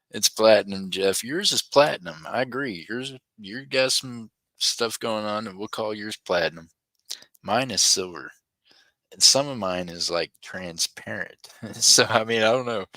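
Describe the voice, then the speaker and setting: A man's voice: deep voice, sharp tone, dry recording, low-quality recording. A middle-aged man, hosting a live-stream auction in a chatty way, reading viewer comments aloud and chuckling often. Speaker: livestream auction host. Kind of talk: casual live-stream chat.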